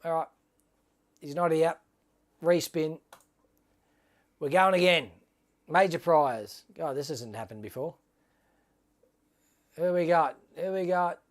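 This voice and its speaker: A man's voice: fairly high pitch, slow, long pauses. Chatty man hosting a livestream. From Australia. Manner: chatty, calls viewers mate, upbeat. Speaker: livestream host. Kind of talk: casual livestream giveaway chat.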